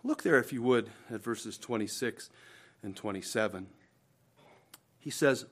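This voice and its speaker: A man preaching a sermon to his congregation, pressing his points with repeated calls to the brethren, rising loud and falling low and quiet at the ends of phrases. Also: unhurried. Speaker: pastor.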